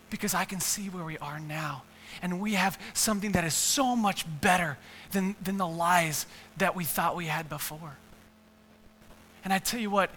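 High-voiced earnest male preacher. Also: pushed and bright, long reverb tail, a little hiss or hum. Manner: earnest, repeats words, builds to emphatic lists. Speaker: pastor. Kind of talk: sermon.

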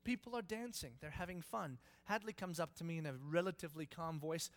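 Animated storytelling preacher, fairly high voice. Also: male voice, a little fast. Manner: animated, acts out voices, laughs often. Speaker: pastor. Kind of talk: sermon storytelling.

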